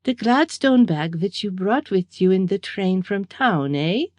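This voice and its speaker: A woman's voice: medium pitch, animated, a little slow, darkish tone, no room sound, close to an everyday voice. A woman voicing a sinister, gaunt German-American man who needles with a mocking "eh?" in an audiobook. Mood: insinuating. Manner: needling, repeats himself with a mocking "eh?".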